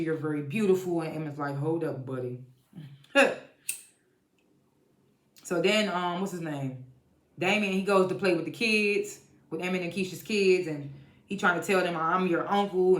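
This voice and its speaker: A TV show reviewer giving a casual episode recap, blunt and profane, laughing often while retelling scenes. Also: medium pitch. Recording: echoey room.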